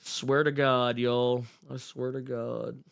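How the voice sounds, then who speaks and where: A show host chats easygoingly with his stream audience, exclaiming, swearing, joking and laughing often. He talks slowly in a mid-range, creaky yet clean voice with little movement in pitch.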